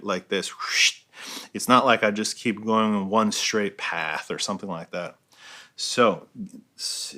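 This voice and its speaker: A man's voice: fairly low pitch, bright, forceful tone. A man teaching a step-by-step painting tutorial, explaining each move as he paints and often checking in with "right?". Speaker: art instructor.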